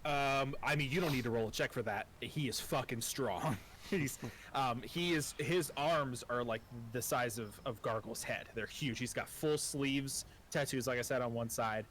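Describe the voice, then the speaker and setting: A man's voice: mid-range voice, moderate pace, few pauses, fairly bright tone. A man narrates as game master in loose, casual speech full of fillers and cheerful swearing. His voice sits mid-range, with a faint background hiss. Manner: casual, profane, self-deprecating, many fillers.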